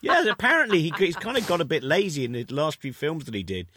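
A man's voice: a little high, wildly swooping pitch, fast, bright, forceful tone, no echo, studio quality. A man, a comedian on a panel show, telling chatty anecdotes and giggling.

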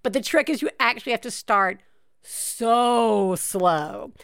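A woman's voice: fairly high pitch, slow, creaky, fairly bright tone, clean tone, dry recording. A woman hosting a podcast, chatting casually with an enthusiastic, giggly manner on a close mic. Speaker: podcast host.

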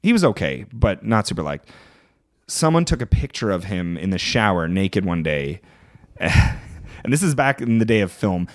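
A man with a Canadian accent tells stories from his past in a relaxed, swearing, animated way. His voice sits low and he paces the anecdote for laughs. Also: normal speed. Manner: animated, profane anecdote-telling. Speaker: guest. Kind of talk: casual storytelling in conversation.

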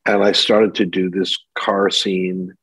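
An older male actor telling stories as a guest on a podcast interview, lively as he recounts anecdotes. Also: deep voice, slow pace, breathy edge, no room sound, poor audio. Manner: animated anecdote teller, mimics voices in quotes.

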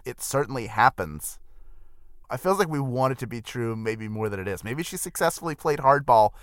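A man's voice: medium pitch, expressive, moderate pace, no room sound, studio quality. A man co-hosting a podcast, thinking aloud in a hedging, musing casual chat. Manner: musing, hedging, talks through ideas aloud. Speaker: podcast co-host.

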